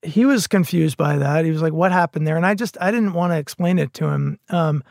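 Middle-aged male podcast guest, earnest and halting, gravelly tone, fairly high pitch, dry close sound. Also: darkish tone, dry recording. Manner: earnest, halting, many restarts. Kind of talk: casual conversation.

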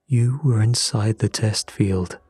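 Brief: man reading a haunted fifties scientist, low husky hush, slow and strained. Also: fairly even intonation, no echo, studio quality, exaggerated voice. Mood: hushed, shaken. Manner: hushed, strained, voice catching. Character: exhausted shaken male scientist in his fifties.

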